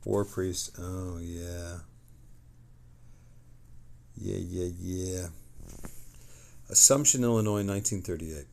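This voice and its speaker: A man streaming live, reading lore passages aloud with excitable, chatty asides. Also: sits low, slow pace, creaky, long pauses. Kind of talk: casual lore reading on a livestream.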